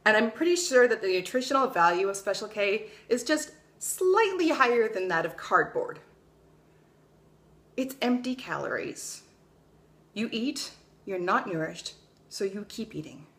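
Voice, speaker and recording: A woman's voice: mid-range voice, sing-song, unhurried, a bit bright. A young adult woman vlogging in a casual, blunt way, swearing freely and telling stories with energy. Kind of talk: casual opinion vlog.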